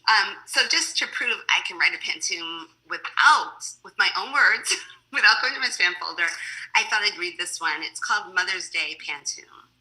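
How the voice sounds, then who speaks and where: A woman poet reading her poems in a measured, deliberate way, with chatty, laughing asides between them, over a video call. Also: fairly low pitch, lively intonation, pushed and bright, low-quality recording. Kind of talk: poetry reading with casual asides.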